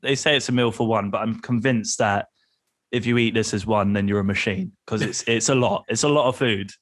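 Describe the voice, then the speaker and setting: Speaking a little fast in a low-leaning, fairly bright voice, a UK man who leads travel groups chats as a guest on a relaxed podcast. He laughs often and plays out the dialogue in the stories he tells.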